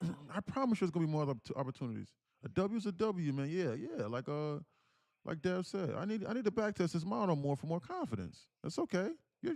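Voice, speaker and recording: A man's voice: sits high, gravelly. A man hosting a live day-trading stream, talking casually and reading chat messages aloud, with slang and the odd curse. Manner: animated, reads chat aloud, slangy and profane.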